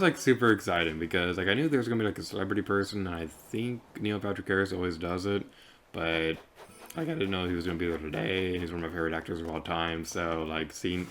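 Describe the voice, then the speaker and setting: A young man with a slight lisp, chatting casually while commentating a game he plays. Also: sits low. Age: young adult. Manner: chatty and rambling, heavy use of "like". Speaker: let's player.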